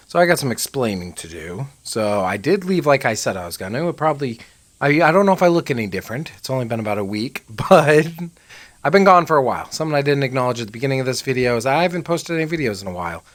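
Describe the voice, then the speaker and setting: A man's voice: mid-range voice, big pitch swings, fast, no echo. A young man giving casual, joking commentary on a video game he is playing, talking to his viewers and swearing freely. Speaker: gaming video creator. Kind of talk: casual let's-play commentary.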